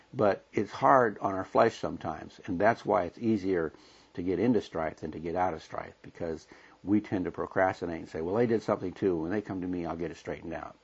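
A man teaching a Bible class lesson in a plain, conversational way, pausing to explain the verses. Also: low-pitched, slightly rough, dull audio.

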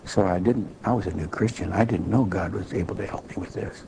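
Male preacher, deep and gravelly, earnest testimony. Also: brisk, noisy background. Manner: earnest, plain storytelling. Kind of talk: personal testimony sermon.

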